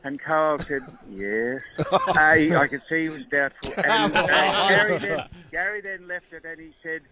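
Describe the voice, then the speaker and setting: A man's voice: fairly high pitch, unhurried, a crowd in the background, poor audio. Rambling man telling a mock-grand story. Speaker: guest commentator. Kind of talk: comic radio chat.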